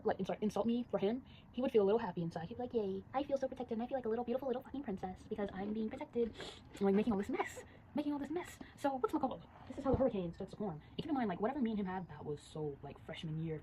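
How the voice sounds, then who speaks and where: A teenage girl chatting casually and rapidly, telling a story while drawing and acting out the voices of the people in it. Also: medium pitch, noisy background. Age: teens. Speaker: storyteller vlogger.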